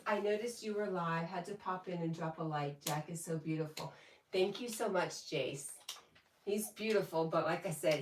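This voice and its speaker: Slow-talking woman chatting on a livestream. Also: fairly low pitch, slight background noise. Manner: chatty, laughs often, reads viewer comments aloud. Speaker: livestream host. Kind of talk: casual livestream chat reading comments. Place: home, indoors. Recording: echoey room, voice from a distance.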